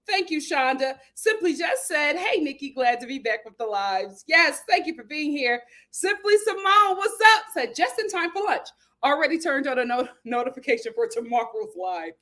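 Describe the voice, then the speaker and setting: A woman hosting a casual live stream, greeting viewers by name and reading their comments aloud with sassy, lively chatter. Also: high voice, moderate pace. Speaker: host of a live show. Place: home in Los Angeles.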